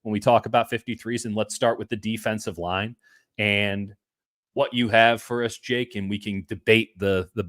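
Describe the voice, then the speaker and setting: A man co-hosting a casual sports podcast over a video call, talking in an animated way with playful asides. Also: lowish voice, normal speed, dry recording, clean studio sound. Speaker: co-host.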